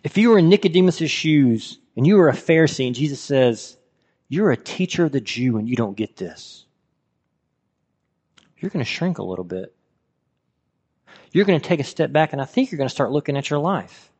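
A man's voice: on the high side, sing-song, moderate pace, long pauses, a little mellow, breathy edge. A man preaching a sermon in a conversational way, asking his listeners rhetorical questions. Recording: reverberant hall.

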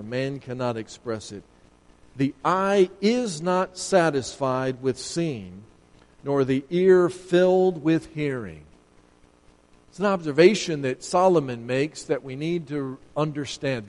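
A man preaching a sermon, emphatic and building to sharp, rising points as he makes his case. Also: fairly high pitch, big-room sound.

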